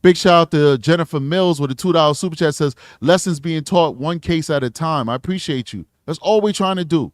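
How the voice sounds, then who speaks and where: Earnest high-voiced man hosting a livestream. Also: brisk, hardly any pauses, dry recording, clean studio sound. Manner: earnest, blunt, heartfelt. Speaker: true crime livestream host; detective. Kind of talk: emotional livestream commentary.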